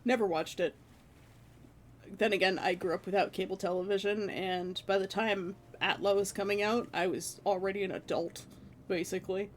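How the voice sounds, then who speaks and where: A woman in her thirties chatting casually with her stream viewers, animated and laughing often. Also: mid-range voice, normal speed.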